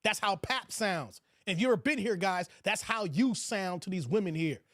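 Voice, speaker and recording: A man's voice: sits high, animated, moderate pace, no echo, studio quality. Brash male commentary host. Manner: loud, mocking, talks to viewers, reads chat. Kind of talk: reaction commentary.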